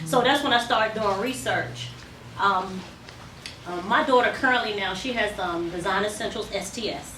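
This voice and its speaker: A woman's voice: a little high, normal speed, fairly bright tone. A woman hair stylist explaining her work in a chatty, step-by-step way, with frequent ums, during a salon demonstration. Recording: roomy distant mic with salon noise.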